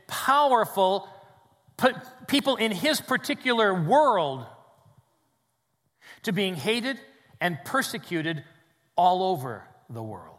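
Preaching man in a reverberant church. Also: high voice. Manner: dynamic preaching, swings between loud emphasis and quiet drops. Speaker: pastor. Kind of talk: sermon. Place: church sanctuary with congregation.

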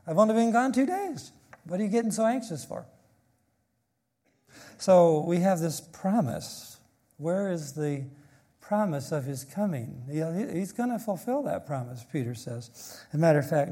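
A man's voice: fairly high pitch, warm tone. A man preaching an expository sermon, reading scripture aloud and explaining it with emphasis.

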